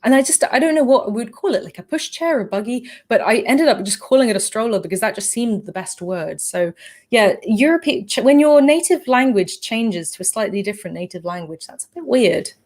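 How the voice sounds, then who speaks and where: A woman's voice: mid-range voice, lively intonation, fairly quick, a little mellow. A woman with a slightly shifted English accent, hosting a casual livestream Q&A and answering chat comments with many fillers, restarts and apologies. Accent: English, shifted by living in the Netherlands. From England. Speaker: livestream host.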